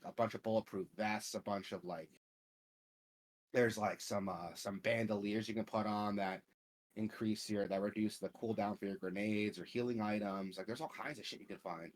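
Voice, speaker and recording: A man hosting a gaming podcast, chatting casually in a profane, rambling way full of filler words. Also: on the low side. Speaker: podcast host.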